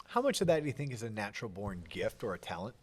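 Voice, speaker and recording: Lively male podcast host asking questions. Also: on the low side, husky. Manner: curious, halting restarts. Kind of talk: interview questions.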